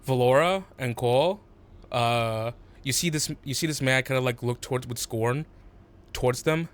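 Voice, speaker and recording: A man's voice: mid-range voice, normal speed. A man narrating as game master of a tabletop game, hesitant, with many fillers and restarts.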